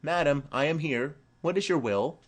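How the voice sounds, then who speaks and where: A man's voice: a little high, moderate pace, voice pushed up, lightly acted. A man voicing a polite, reserved teenage daughter in an audiobook play reading. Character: young teenage girl, a dutiful daughter.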